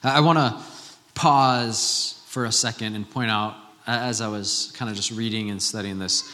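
A man in his thirties delivering a church sermon in a bright, forceful voice. He talks in a loose, conversational way and throws rhetorical questions at the congregation. The sound carries a long reverb from the church hall. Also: on the low side, fairly even intonation, normal speed. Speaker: pastor.

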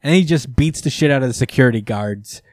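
A man's voice: medium pitch, lively intonation, quick pace, no room sound, studio quality. A man hosting a casual chat, retelling a comic story with profanity, laughter and enthusiasm. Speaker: podcast host recapping comics. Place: lives in New York.

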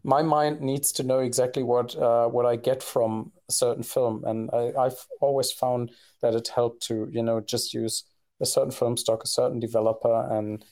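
A man's voice: medium pitch, little pitch movement, moderate pace, a little mellow. A man co-hosting a podcast in casual conversation, talking hesitantly with many fillers and restarts. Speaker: podcast co-host.

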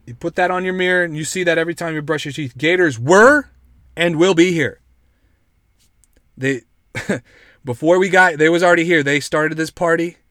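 Man, podcast host, casual, profane, joking, somewhat high voice, dry sound. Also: normal speed, pauses often, a bit bright, dry recording. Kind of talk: casual podcast chat, reading news aloud.

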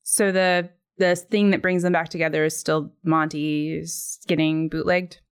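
A woman improv performer in casual chat between scenes, talking quickly and laughing. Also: deep voice, little pitch movement, clean tone.

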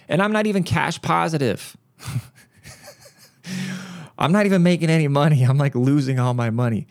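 A man's voice: mid-range voice, lively intonation, fairly quick, dry recording, clean studio sound. Blunt, profane male podcast host. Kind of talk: casual ranting monologue.

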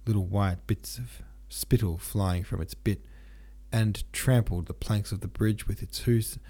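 A man's voice: low-pitched, warm tone, husky. A man narrating an audiobook in a casual, slangy retelling.

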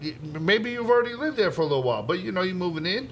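Brief: man, pizza shop manager, casual swearing storyteller, slightly high voice, faint background hiss. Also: very animated, very fast. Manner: profane, laughing storyteller.

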